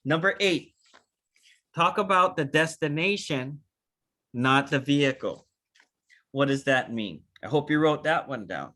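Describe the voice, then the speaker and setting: Animated, bright-voiced man training a sales team. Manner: animated, acts out quick dialogues, jumps in pitch. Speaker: network marketing trainer. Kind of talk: energetic training talk on a video call. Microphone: video call.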